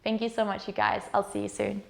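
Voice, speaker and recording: A woman yoga teacher leading a guided meditation with slow, soothing, gentle instructions. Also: medium pitch, little pitch movement, gravelly.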